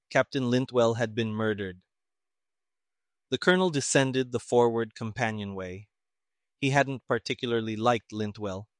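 A man narrating a mystery story in an even, measured reading. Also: medium pitch, no room sound, clean studio sound. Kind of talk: audiobook narration of a pulp mystery.

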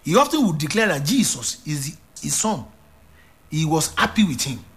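A man preaching a sermon, emphatic and repetitive, swinging from loud declarations to hushed lines. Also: on the high side, sing-song, moderate pace.

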